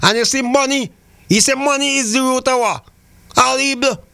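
A man's voice: extremely high pitch, fairly even intonation, normal speed, creaky, bright, forceful tone, smooth, no room sound. An older man from Saint Vincent with a Vincentian Creole accent, giving heated political talk on radio, preachy and fiery, repeating phrases for emphasis. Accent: Vincentian Creole English.

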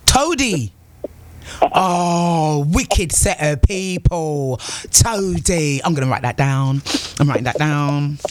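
A woman's voice: sits low, expressive, slow, a little mellow. A woman hosting a radio call-in chat, playful and teasing, laughing often. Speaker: radio show host.

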